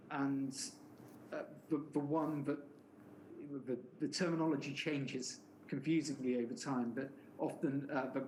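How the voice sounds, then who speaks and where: A man's voice: mid-range voice, darkish tone, slight background noise, low-quality recording. A man questioning a witness at a formal inquiry, laying out points methodically, with many fillers. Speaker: inquiry counsel.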